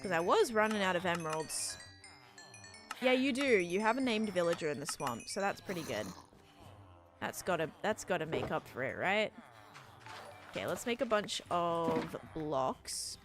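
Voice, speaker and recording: A woman's voice: on the low side, sing-song, normal speed, over music. A woman from Sydney with an Australian accent, chatting casually with viewers during a game stream and answering chat in a rambling way.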